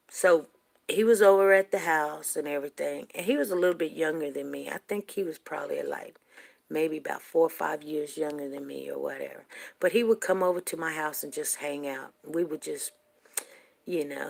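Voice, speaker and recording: Older woman, low and gravelly, rambling emotional storyteller. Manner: rambling, emotional retelling, rising to near shouting at tense moments. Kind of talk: casual personal storytelling.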